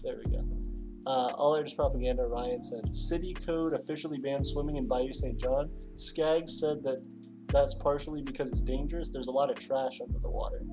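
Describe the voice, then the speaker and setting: A man's voice: mid-range voice, steady tone, normal speed, over music. Rambling man reading a livestream chat. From Louisiana. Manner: rambling, filler-heavy, reads chat aloud. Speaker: livestream host. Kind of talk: casual chat reading comments.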